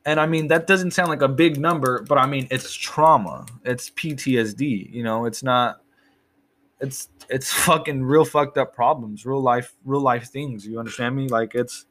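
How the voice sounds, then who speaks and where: A man's voice: medium pitch, moderate pace, a bit bright. Rambling, profane young man talking. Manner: rambling, profane, repeats himself often. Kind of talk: casual opinion monologue.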